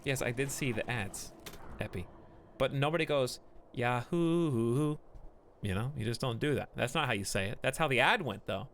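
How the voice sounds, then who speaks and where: A man's voice: medium pitch, expressive, a little fast, fairly bright tone, a little hiss or hum. A man streaming a strategy game, chatting with his viewers in a rambling, joking way and laughing often. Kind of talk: casual gameplay stream commentary.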